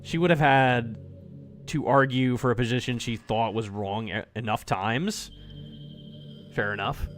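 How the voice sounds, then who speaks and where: A man's voice: mid-range voice, a little slow, pauses often, fairly bright tone, faint music behind, pitched below the performer's own voice, lightly acted. A man reading aloud a cheerful young female club president from a visual novel, in a playful, teasing way. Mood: earnest.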